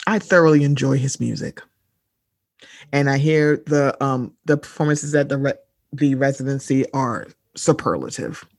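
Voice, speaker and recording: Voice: mid-range voice, normal speed, no echo, clean studio sound. A podcast co-host in casual pop-culture chat, talking bluntly and sarcastically with plenty of swearing and asides to listeners. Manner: blunt, profane, sarcastic, addresses listeners as y'all.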